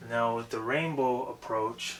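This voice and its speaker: A young man giving a casual, profane, rambling lesson on vocal technique, breaking into loud demonstrations. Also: mid-range voice, measured pace, a little hiss or hum. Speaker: vocal coach.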